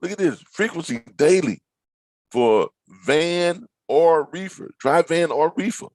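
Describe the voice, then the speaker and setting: A man, a logistics trainer walking viewers through a load board, animated and playfully dramatic with teasing asides. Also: on the high side, a little slow, no echo, poor audio. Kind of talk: screen-share tutorial talk.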